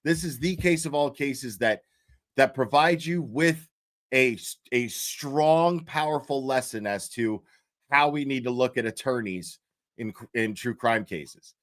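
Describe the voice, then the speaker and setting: A man's voice: mid-range voice, measured pace, a bit bright, no room sound. A man hosting a livestream and telling a story in a loose, rambling, profane way, with restarts and bursts of laughter. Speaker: livestream host. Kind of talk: casual livestream commentary.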